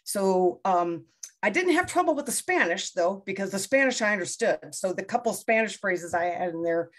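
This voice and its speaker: A woman's voice: mid-range voice, animated, normal speed, fairly bright tone. Middle-aged woman author, chatty and self-deprecating, restarts often; casual interview. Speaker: debut novelist being interviewed.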